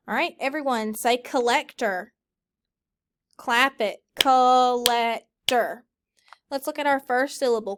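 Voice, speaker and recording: A woman teaching a recorded phonics lesson, sounding out each syllable clearly and slowly for students. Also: fairly high pitch.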